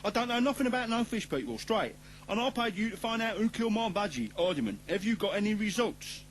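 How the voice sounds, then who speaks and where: A man putting on a blustering gangster on a comedy record, his voice pushed up high and tumbling out fast and defensive. The thick swings through a lively, jumpy pitch, with a faint hum behind it. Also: poor audio. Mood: indignant. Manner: defensive, rambling. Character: blustering London gangster, middle-aged man.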